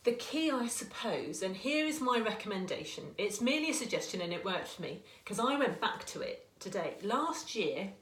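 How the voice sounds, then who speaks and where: Woman in her 40s, small biz owner, chatty and earnest, keeps restarting sentences, roomy echo, mid pitch. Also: big pitch swings, moderate pace, few pauses, a bit bright. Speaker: small business owner and marketer. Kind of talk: casual talking-to-camera advice. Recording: echoey room.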